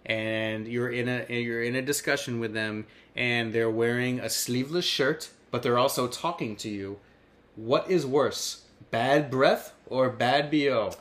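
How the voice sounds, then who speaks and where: An American man hosting a loose, joking podcast chat. His pitch sits mid-range, and his voice leaps upward when he gets excited. He fires off playful questions at his co-host. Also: measured pace. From United States. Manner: playful quizzing, jumpy pitch. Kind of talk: casual podcast banter.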